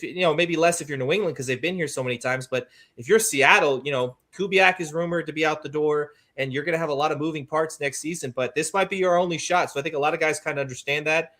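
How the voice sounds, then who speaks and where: A man's voice: fairly high pitch, bright, forceful tone. A man on a sports talk radio show, talking casually about players and coaches before a big game. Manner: conversational, with many fillers.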